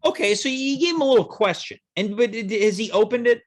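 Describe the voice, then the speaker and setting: A man hosting a comedic chat show, teasing his guest with deadpan jokes and mock-earnest advice. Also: extremely high pitch, quick pace. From Canada. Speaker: host.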